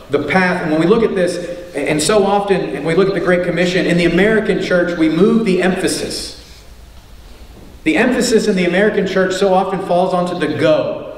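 A man's voice: sits high, fairly quick. A male pastor preaching an earnest sermon, stressing his points through repetition. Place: church sanctuary. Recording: echoey church hall, mic at a distance.

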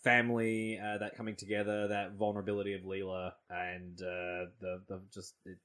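A man's voice: low voice, monotone, normal speed, a bit bright. A man co-hosting a casual podcast, defending an episode in an earnest, hesitant way, full of fillers and trailing off. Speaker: podcast co-host. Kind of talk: casual discussion.

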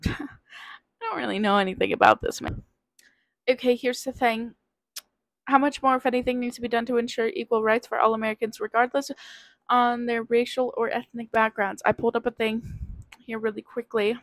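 A woman's voice: a little high, no room sound, poor audio. A nineteen-year-old woman, sick with covid, rambling hesitantly as she takes a quiz aloud in a casual vlog. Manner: rambling, hesitant, self-deprecating. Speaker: vlogger.

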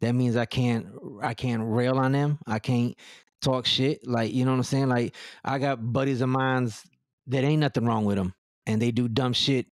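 A man's voice: medium pitch, steady tone, normal speed, no echo, studio quality. A man on a podcast talking bluntly and directly, swearing freely and restarting his words often. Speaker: podcast guest. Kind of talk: blunt casual chat.

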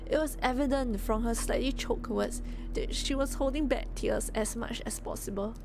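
A woman streamer reads a story aloud in a slightly high, gentle voice, keeping an even, measured pace. Clear music plays behind her narration.

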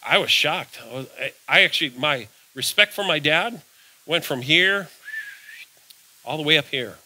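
Guy preaching in church, folksy, asks questions then answers em, kinda high voice, real sharp tone. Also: animated, normal speed, rough recording. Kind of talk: evening church sermon. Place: church sanctuary.

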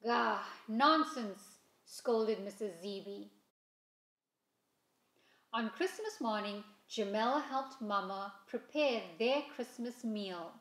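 A woman reading a children's storybook aloud slowly and expressively. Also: mid-range voice, animated. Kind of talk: read-aloud storybook narration. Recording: roomy echo.

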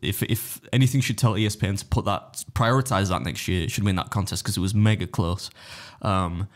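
A man's voice: on the low side, fairly even intonation. A man co-hosting a casual podcast, telling stories at speed, acting out other people's quotes and swearing freely. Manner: rapid anecdotal storytelling, acting out others' quotes. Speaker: podcast co-host and competitive eater.

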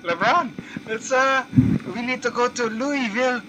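A man putting on an exaggerated Filipino accent as a famous male boxer, talking in halting, broken phrases. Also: extremely high pitch, a loud crowd, pitched above the performer's own voice, low-quality recording. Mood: pleading.

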